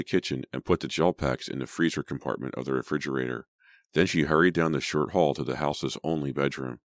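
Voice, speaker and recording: A man narrating a teen horror audiobook in a steady, dramatic storytelling manner. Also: very deep voice, fairly quick, dry recording, studio quality.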